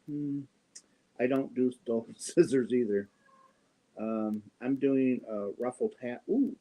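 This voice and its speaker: A man's voice: medium pitch, steady tone, slow, warm tone. A man hosting a crochet livestream, chatting casually, reading viewer comments and cooing to his cats. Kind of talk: casual chat while crocheting.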